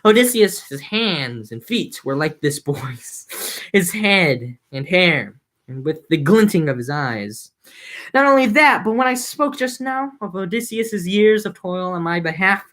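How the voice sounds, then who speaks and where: A woman's voice: lowish voice, animated, measured pace, fairly bright tone. A young woman reading an epic poem aloud, breaking off into joking slangy recaps. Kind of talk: casual reading with comic summaries.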